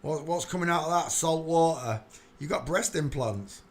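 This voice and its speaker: A man's voice: fairly high pitch, expressive, moderate pace. A man hosting a livestream, muttering to himself as he clicks through searches in casual commentary. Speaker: livestream host. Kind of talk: casual live-stream commentary.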